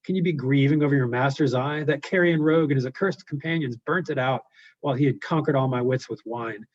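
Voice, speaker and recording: A man voicing a blind, enraged male giant Cyclops, talking loudly and menacingly. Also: mid-range voice, a little fast, natural voice. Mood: brooding. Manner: loud, brooding and menacing. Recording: dull lo-fi recording.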